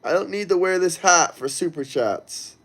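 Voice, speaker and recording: A man with a high voice keeps his casual livestream loose and crude, talking straight to his chat and reading out their messages. His intonation is lively and a bit bright, and his pace is moderate.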